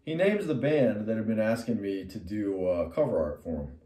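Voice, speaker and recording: A middle-aged man with a mellow, darker voice tells a rambling personal story to camera. He drifts off on tangents, restarts his sentences and leans on fillers, then jumps up high and loud when he acts out what he said. The room is echoey and he sits some way back from the mic. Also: lively intonation, normal speed. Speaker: metal musician and artist. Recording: roomy sound from a distant mic.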